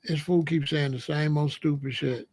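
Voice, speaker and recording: A man's voice: a little high, fairly even intonation, moderate pace, a little mellow. A man hosting a livestream, ranting and mocking viewers in the chat in a combative, profane way. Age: adult. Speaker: livestream host. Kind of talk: heated livestream rant.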